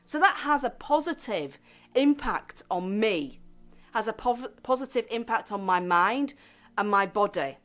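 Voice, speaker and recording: A woman hosting a self-help radio show, speaking gently and deliberately and stressing key words. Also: on the high side, expressive, faint music behind.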